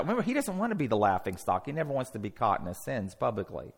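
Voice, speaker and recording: A man teaching a Bible study class, animated and conversational, often putting questions to the group and restarting his sentences. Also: a little high, fast, hardly any pauses.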